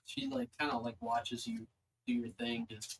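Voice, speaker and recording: Young game master with a lively voice. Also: medium pitch, moderate pace, a little hiss or hum, low-quality recording. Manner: loose, filler-heavy narration. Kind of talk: narrating a tabletop game.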